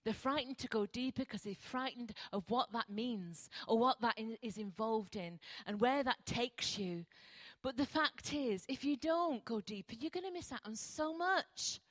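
An older woman preaching a sermon in church, animated and emphatic, repeating short phrases. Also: a little high, a little slow, no echo. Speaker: guest preacher.

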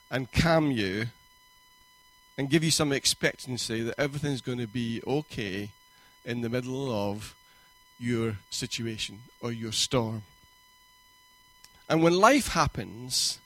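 In a mid-range voice, a male pastor gives a sermon in church. His pacing feels warm and conversational, punctuated by quoted asides and emphasis that climbs.

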